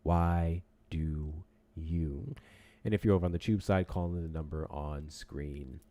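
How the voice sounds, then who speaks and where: A man's voice: extremely low pitch, measured pace, warm tone. A man hosting a casual livestream, joking, swearing and reading out donations to the chat. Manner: profane, joking, reads out donations. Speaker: livestream host.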